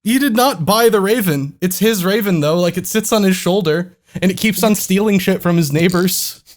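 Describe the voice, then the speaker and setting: A young man with a somewhat high voice tells a rambling story in casual podcast chat. He laughs along with himself and swears often, backtracking and correcting details as he goes. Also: moderate pace. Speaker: podcast co-host.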